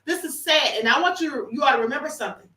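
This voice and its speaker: A woman's voice: sits high, animated, fast talker, bright, forceful tone, recorded from a distance. A woman hosting a casual livestream, commenting emphatically and calling her viewers honey. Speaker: livestream host. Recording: roomy echo, off-mic.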